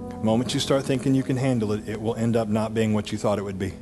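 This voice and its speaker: A man preaching a sermon as pastor, animated, swinging between loud bursts and low, intimate passages. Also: quick pace, music in the background.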